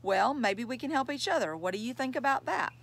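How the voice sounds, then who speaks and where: A woman reading the part of a kind school counselor who speaks gently and reassuringly. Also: on the high side, lively intonation, brisk, gravelly, slight background noise, voice pushed up. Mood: gentle.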